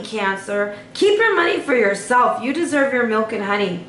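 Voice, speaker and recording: A woman's voice: a little high, lively intonation, moderate pace, a bit bright. A woman giving a chatty, sassy tarot reading straight to her viewers. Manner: chatty and sassy, lots of fillers. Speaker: tarot reader. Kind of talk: casual tarot reading to camera. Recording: echoey room with faint noise.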